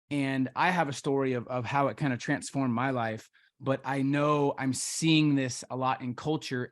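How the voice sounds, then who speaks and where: Enthusiastic male podcast host. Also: medium pitch. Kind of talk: interview conversation.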